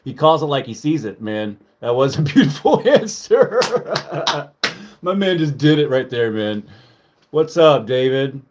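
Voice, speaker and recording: A man's voice: mid-range voice, sing-song, a little slow, a little mellow, a little hiss or hum. A man hosting a casual livestream, rambling loosely with lots of fillers and swearing. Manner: loose, profane, filler-heavy. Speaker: livestream host.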